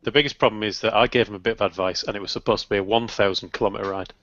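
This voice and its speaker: A man's voice: lowish voice, fairly even intonation, very fast, fairly bright tone. A man on a live video-call panel, joking in a cheeky, self-mocking way. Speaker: panel member. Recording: dull lo-fi video call audio.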